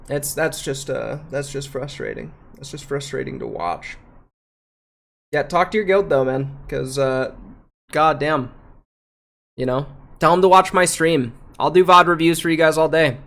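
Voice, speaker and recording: A man's voice: mid-range voice, fairly bright tone. A man streaming live while reviewing raid footage, ranting heatedly with heavy swearing, repeating himself and calling viewers bro and dude.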